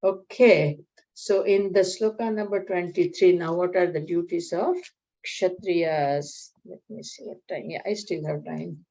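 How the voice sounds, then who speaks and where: A woman leads a scripture study class, explaining terms in an easy conversational way. Her voice sits on the lower side. The recording is dull and lo-fi. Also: unhurried, mellow. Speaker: Gita study class teacher. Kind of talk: spiritual lecture with a joke. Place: community class room.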